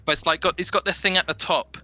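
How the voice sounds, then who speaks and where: A young man with an English accent, a podcast guest telling stories in casual chat, animated and swearing freely. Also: high-pitched, fast talker, faint music behind. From England.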